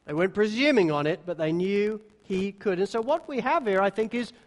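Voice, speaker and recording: A man preaching a sermon, now and then acting out the disciples' words in quick little voices. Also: high-pitched, expressive. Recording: long hall reverb.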